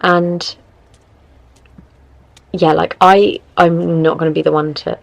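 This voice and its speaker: A young woman hosts a podcast, giving relationship advice in casual chat, rambling and correcting herself as she goes. Her fairly low, gravelly voice stays level and slow, and the recording is dry and low in quality.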